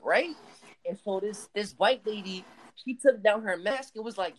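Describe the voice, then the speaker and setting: A young man tells stories to his friends in loose, slangy talk, tossing in "bro" all the time. His voice sits a little high for a man. A faint hiss runs under the recording. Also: moderate pace, poor audio. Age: young adult. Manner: slangy, storytelling, repeats "bro". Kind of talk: casual chat with friends.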